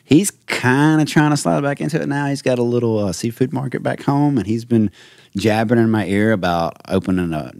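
A man's voice: mid-range voice, fairly quick, gravelly, a little mellow, dry recording, clean studio sound. A man from Mississippi, a chef and guitarist, chatting casually on a podcast and telling rambling stories. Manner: rambling storyteller, quotes others. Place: podcast studio.

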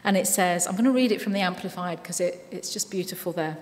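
A woman giving a sermon in a church, speaking conversationally and reading scripture slowly and with care. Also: lowish voice. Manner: warm conversational preaching with frequent "you know"; reads scripture slowly and deliberately. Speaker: preacher. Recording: long reverb of a church hall.

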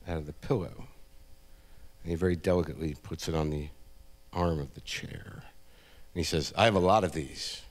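A man's voice: low-pitched, creaky, slight background noise. Middle aged comic guy rambling thru a story on stage, dry wry delivery. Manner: wry, rambling, lots of "you know" and "like". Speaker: comedian. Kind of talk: live storytelling reading. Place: event stage.

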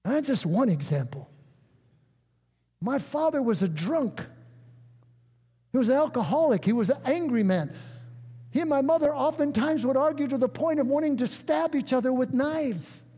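An older man preaching a sermon, emphatic, breaking into shouts and calling on the congregation to answer. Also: very high-pitched, animated, normal speed, long pauses, breathy edge. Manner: emphatic, bursts into shouts and calls for response. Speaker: guest preacher. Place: church sanctuary. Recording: echoey church hall.

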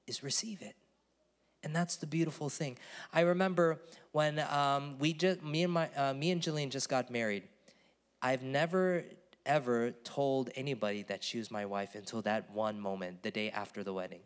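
A man's voice: mid-range voice, normal speed, long reverb tail. A man pastor giving a conversational sermon in a church, earnest and emphatic, at times calling on the congregation to repeat a word.

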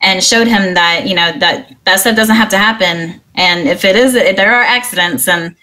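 A woman's voice: medium pitch, normal speed, sharp tone. Middle-aged woman with a Missouri accent, guest on a stream show, earnest and upbeat, lots of filler words, mid-range voice. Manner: earnest and upbeat, lots of "um" and "you know", giggles often. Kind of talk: casual interview chat.

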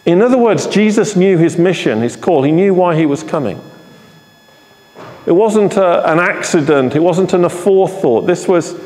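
A man's voice: high voice, animated, moderate pace, a little mellow. A man preaching an earnest, emphatic sermon at a live church service, often repeating phrases for emphasis. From England. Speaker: pastor. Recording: live hall with long reverb.

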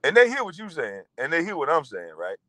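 A man in his forties ranting in a profane monologue, animated and mocking, breaking into laughter. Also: fairly high pitch, brisk, poor audio. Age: 40s. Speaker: vlogger.

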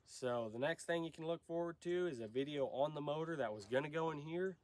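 A man's voice: on the high side, a little fast, slight background noise. A young man with a nasal voice from a cold, talking casually and rambling as host of a truck vlog. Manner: rambling, unscripted, many fillers. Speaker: channel host.

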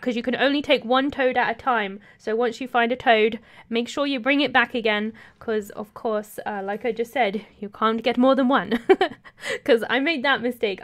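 Young woman, game streamer, slightly high voice, giggly, chatty, explains rules to co-players. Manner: giggly and chatty, laughs often; coaching and explaining rules to teammates. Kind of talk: casual live gameplay chat with co-players.

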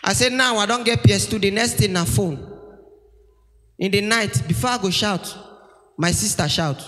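A man with a Nigerian accent doing stand-up comedy on a church stage, telling stories with animated shouts. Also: high-pitched, moderate pace, pauses often. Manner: animated storytelling, shouting punchlines, acting out family members. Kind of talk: stand-up comedy in Pidgin-laced English. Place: large church hall stage. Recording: live hall with long reverb and faint music.

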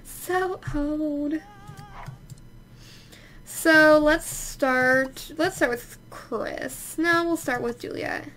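A woman's voice: sits high, takes it slowly, few pauses, a bit bright, soft background music. A young woman chatting casually while playing a life-sim game, exclaiming and scolding the characters. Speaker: let's play host. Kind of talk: casual gameplay commentary.

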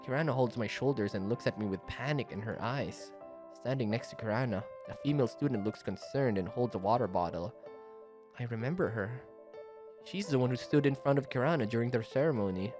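A man reading a visual novel aloud as a shy, anxious teenage schoolgirl narrator, speaking softly and hesitantly. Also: mid-range voice, fairly quick, over music, close to an everyday voice. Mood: subdued. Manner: soft, hesitant, self-doubting.

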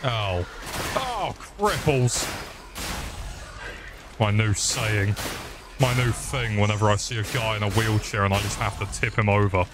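A man's voice: fairly low pitch, level tone, normal speed. A young man streaming a game, grumbling and joking crudely with lots of swearing as he plays. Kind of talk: live gameplay commentary. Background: game music.

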